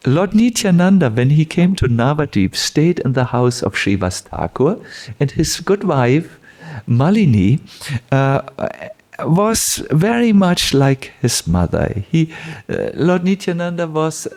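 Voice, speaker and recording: Gravelly slow-paced male spiritual teacher. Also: a little high, very animated, a little mellow. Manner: unhurried, chuckling, many fillers. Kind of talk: devotional storytelling lecture.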